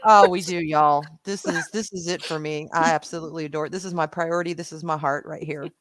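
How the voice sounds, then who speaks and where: A woman with a Southern US accent co-hosting a live show in casual, animated chat, swearing freely. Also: low-pitched, a little fast, dry recording.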